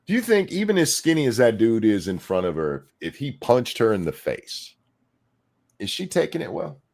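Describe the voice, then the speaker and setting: A man's voice: mid-range voice, big pitch swings, moderate pace, vocal fry, darkish tone. A man hosting a podcast, ranting in casual, mocking, sarcastic commentary. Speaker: podcast host.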